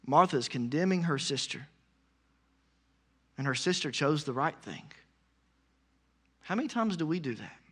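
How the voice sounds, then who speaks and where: Bright, high-voiced preacher. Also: male voice, big pitch swings, normal speed, long pauses, husky. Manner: builds to loud, urgent exhortation, with conversational fillers. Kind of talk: sermon.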